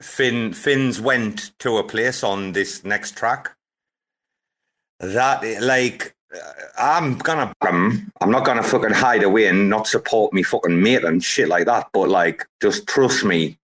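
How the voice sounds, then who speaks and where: A man's voice: on the low side, a little slow, fairly bright tone. A man hosting a casual live audio-room chat, rambling, swearing heavily and hyping things up. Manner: profane, rambling, hyped-up. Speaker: host.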